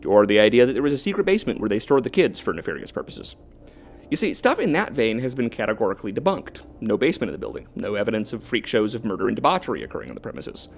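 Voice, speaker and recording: A man's voice: lowish voice, sing-song, very fast, vocal fry, slight background noise. A man narrating a video script in a wry, dryly ironic manner.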